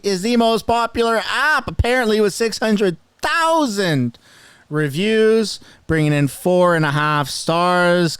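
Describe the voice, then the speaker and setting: A man hosting casual political reaction commentary, sarcastic and mocking as he pauses clips. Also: fairly high pitch, smooth, no room sound. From Canada.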